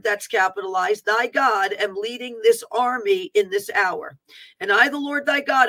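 A woman's voice: a little high, pushed and bright, rough recording. A woman minister earnestly reading aloud a prophetic word, stopping for asides about capital letters.

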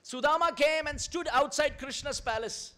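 A man's voice: very high-pitched, normal speed, pushed and bright. A middle-aged man with an Indian English accent gives a storytelling sermon as a preacher. He leads the audience in call-and-response and chants Sanskrit verses.

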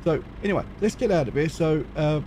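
With lively intonation and a brisk delivery on the high side, this middle-aged Englishman talks over background noise. As a gaming channel host, he rambles chattily about his own truck play and mocks himself as he goes.

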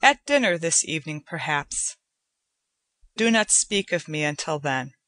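A woman's voice: low-pitched, animated, a bit bright, dry recording, voice pushed down. A woman reading aloud, voicing an aging male cat who speaks as a grave, formal father. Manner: slow, formal, solemn.

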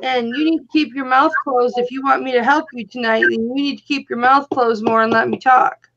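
A woman's voice: sits high, steady tone, brisk, fairly bright tone. A woman hosting a casual live stream, talking bluntly and teasing her co-hosts. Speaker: host. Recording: dull lo-fi stream audio.

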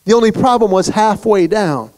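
A man giving a humorous motivational speech, telling stories in an animated way to a luncheon crowd in a banquet hall. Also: high voice, moderate pace. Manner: storytelling, animated. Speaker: guest speaker.

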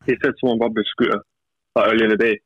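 Rapid young caller on a dull line. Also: male voice, on the low side, level tone, husky, no echo. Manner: rapid, laid-back, ends lines with "innit". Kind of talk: phone-in call. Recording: dull, dry phone line.

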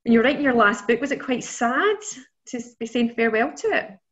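A woman's voice: on the high side, animated, a little fast, a bit bright. Enthusiastic woman interviewer on a dull line. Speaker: librarian interviewer. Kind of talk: online interview. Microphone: video call.

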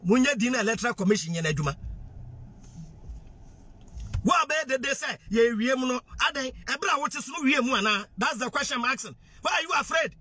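A Ghanaian man with a very high, bright and husky voice gives a fiery direct-to-camera monologue. He lectures his audience, hammers points home through repetition and asks question after question. His speech switches easily between Twi, English and pidgin. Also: animated, rapid-fire, hardly any pauses. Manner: preachy, with rhetorical questions and repetition. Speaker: social media commentator.

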